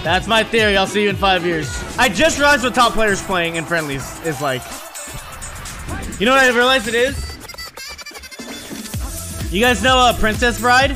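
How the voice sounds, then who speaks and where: A man in his thirties streaming, telling stories in casual, profane chat and yelling at the game he plays. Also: sits high, moderate pace, long pauses, music in the background. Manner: profane, animated storytelling, yells at the game.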